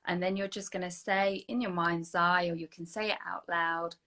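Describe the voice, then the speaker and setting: A woman guiding a slow, soothing breathing and energy healing meditation, sometimes dropping to a soft whisper. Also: fairly low pitch, fairly even intonation. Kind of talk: guided meditation. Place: online video session.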